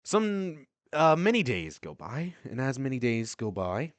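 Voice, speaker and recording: A man narrates as game master in a tabletop game. His delivery is loose and casual, with jokes at his own expense. His pitch moves lively and the sound is close and dry. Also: unhurried, dry recording. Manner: loose, casual, self-deprecating.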